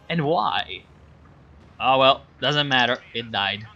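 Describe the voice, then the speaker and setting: A man's voice: mid-range voice, animated, takes it slowly, creaky, pushed and bright, lo-fi sound, soft background music. A man casting a strategy game replay in a sarcastic, rambling way, full of fillers and asides. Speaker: game caster. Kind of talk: casual game commentary.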